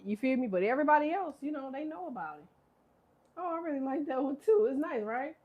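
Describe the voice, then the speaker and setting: A woman's voice: sits high, lively intonation, quick pace, muffled recording. A woman in her thirties giving a casual tarot reading, rambling, profane and laughing often. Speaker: tarot reader. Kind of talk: casual live tarot chat.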